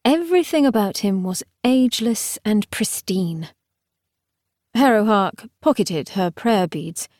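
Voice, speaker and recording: A medium-pitched woman performs scripted narration of a novel for an audiobook, storytelling in a measured, expressive manner. The recording is dry and studio quality.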